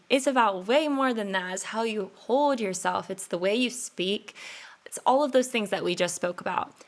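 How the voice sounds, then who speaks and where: A young woman in her twenties hosts a solo advice podcast. She talks straight to the listener, earnest and encouraging, like a friend coaching her through her early twenties. Her voice sits at an ordinary middle pitch. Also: fairly bright tone. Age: 20s. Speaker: podcast host.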